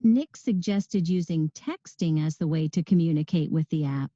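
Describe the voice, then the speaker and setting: A woman's voice: deep voice, moderate pace, mellow, no room sound. A woman reading a scripted textbook listening exercise, one sentence read three times. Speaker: audio track narrator. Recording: muffled played-back audio track.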